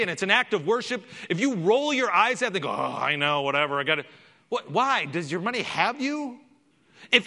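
A male pastor preaches emphatically and keeps firing rhetorical questions. His voice is high and bright. The sermon rings out with a long hall reverb. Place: church sanctuary.

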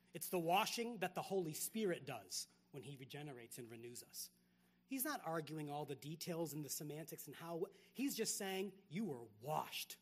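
A man with a high voice preaches with animated energy. He throws out rhetorical questions and swings from loud emphasis to near-hushed asides. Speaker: pastor. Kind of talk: sermon.

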